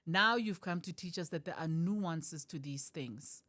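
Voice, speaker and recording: A middle-aged South African woman with a South African accent, a comedian talking as a podcast guest, animated and quick to laugh. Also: lowish voice. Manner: animated, laughs often, switches voices for quotes. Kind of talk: podcast interview.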